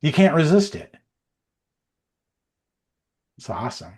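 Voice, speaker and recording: A man's voice: a little high, very animated, takes it slowly, a little mellow. A man co-hosting a livestream podcast, chatting casually and rambling with many fillers and restarts. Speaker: co-host.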